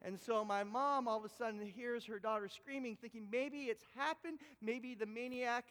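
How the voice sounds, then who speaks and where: A man preaching a sermon, telling a story with animated, expressive delivery. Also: moderate pace, clean tone. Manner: animated storytelling with big pitch swings. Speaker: pastor. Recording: echoey hall with long reverb.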